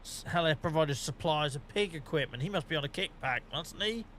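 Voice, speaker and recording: Male streamer, jokey and rambling, bright forceful tone, faint background noise. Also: on the high side, expressive, fairly quick. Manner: jokey, rambling, laughs often. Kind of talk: casual gameplay commentary.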